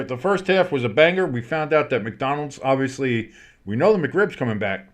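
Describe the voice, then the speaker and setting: A man calling a football game play-by-play for a fan stream. He chats loosely with crude jokes, then shouts with excitement when a big play happens. His voice sits at an ordinary middle pitch. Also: moderate pace. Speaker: play-by-play host.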